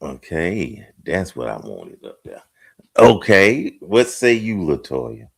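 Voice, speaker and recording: A middle-aged man leads a relaxed group talk in a low, slow voice. His pitch rises and falls a lot as he hesitates, laughs at himself and teases the guests. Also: vocal fry, breathy edge. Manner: hesitant, self-mocking, playful. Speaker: talk show host. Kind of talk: casual group discussion.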